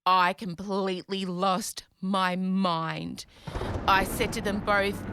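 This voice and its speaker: A woman, hosting a podcast and retelling a story in an animated, dramatic way with some swearing. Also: medium pitch, unhurried, over music. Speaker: podcast host. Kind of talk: comedic storytelling.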